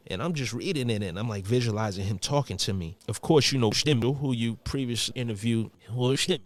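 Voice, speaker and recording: A man's voice: mid-range voice, a little fast, few pauses, no room sound. A man from Brooklyn who is a podcast guest, telling stories in a casual interview and acting out what his friends said. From Brooklyn, New York. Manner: storytelling with frequent quoted voices.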